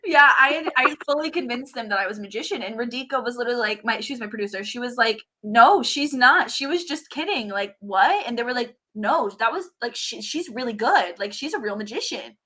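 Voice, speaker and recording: A young woman guest in her twenties on a video call, telling animated stories and acting out the voices of people in them. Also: a little high, brisk, few pauses. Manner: acts out quoted voices, laughs often. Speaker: reality show contestant guest. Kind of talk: animated storytelling in an interview.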